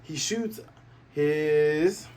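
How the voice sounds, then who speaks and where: A man recapping a comic chapter in a casual, animated way, full of sound effects. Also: fairly high pitch, very slow, smooth. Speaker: manga reviewer.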